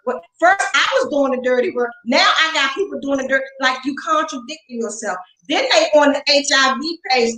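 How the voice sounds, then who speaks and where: A woman's voice: high-pitched, a bit bright. A woman speaking as an interview guest, ranting in a heated, profane, confrontational way with lots of emphasis. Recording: roomy echo.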